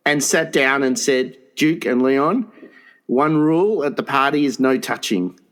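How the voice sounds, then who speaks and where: A man's voice: medium pitch, unhurried, a bit bright. A man co-hosting a crude comedy podcast, rambling and stumbling through stories and laughing often. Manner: rambling, stumbling storyteller who laughs a lot. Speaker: podcast co-host.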